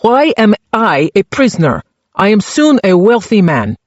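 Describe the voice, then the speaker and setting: A man's voice: sits high, very animated, measured pace, dry recording, muffled recording, voice pushed up. Man voicing bullying Czech landlord, thick Czech accent, barking, raised voice. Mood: defiant.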